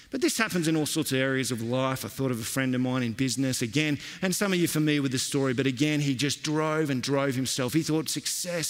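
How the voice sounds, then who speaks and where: A man preaching a sermon, telling stories in a lively, conversational way. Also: fairly high pitch. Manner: storytelling, animated and conversational. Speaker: pastor. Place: church hall. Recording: long reverb of a church hall.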